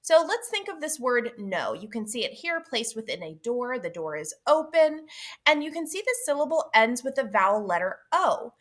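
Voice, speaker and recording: A woman explaining reading lessons to teachers, speaking clearly and deliberately and stretching out vowel sounds as examples. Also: a little high, very animated, fairly bright tone. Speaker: literacy teacher. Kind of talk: instructional explainer.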